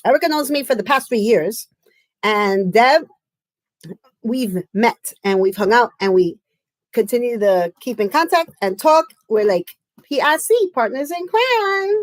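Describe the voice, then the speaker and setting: A woman's voice: a little high, expressive, a little slow, no echo, rough recording. A woman from the United States chatting casually and effusively on a live stream, often laughing. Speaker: crafting livestream host.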